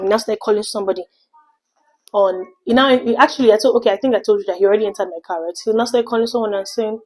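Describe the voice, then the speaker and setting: A young adult woman from Nigeria, telling an animated storytime vlog and slipping in pidgin phrases. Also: mid-range voice, racing, poor audio. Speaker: vlogger.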